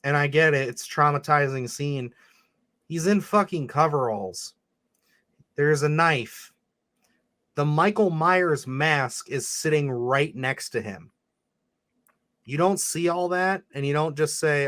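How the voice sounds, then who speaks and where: A man's voice: on the high side, unhurried, a bit bright, no room sound. A man co-hosting a podcast, reviewing a film in blunt, profane, rambling casual chat. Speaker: podcast co-host.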